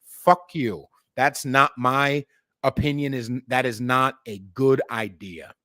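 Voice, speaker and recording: A man's voice: medium pitch, slow, dry recording, clean studio sound. A middle-aged man hosting a podcast, ranting about politics with profanity and sarcasm, now and then mocking others in put-on voices. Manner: animated, sarcastic, mocks others in put-on voices, swears a lot. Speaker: podcast host.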